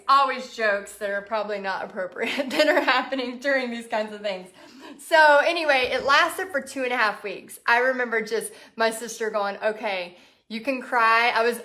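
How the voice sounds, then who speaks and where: Texan lady chatting on a livestream, bright voice, a bit high, laughs a lot. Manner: chatty, laughs often, reads out viewer comments. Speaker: art business coach host. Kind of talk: casual livestream chat.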